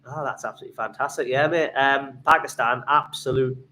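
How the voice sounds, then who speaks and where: Young English guy, livestream host, enthusiastic and rambling, mid-pitched, faint background noise. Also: fairly even intonation, a little fast, bright, forceful tone, poor audio. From England. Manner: enthusiastic, many fillers and restarts, reads donations aloud. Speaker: travel vlogger hosting a livestream. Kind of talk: casual livestream chat.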